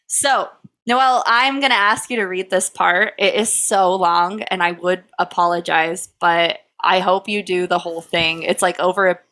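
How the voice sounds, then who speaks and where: A woman's voice: fairly low pitch, fairly even intonation, normal speed, bright, forceful tone. A young woman co-hosting a casual podcast, reading out notes and teasing her co-host, laughing often.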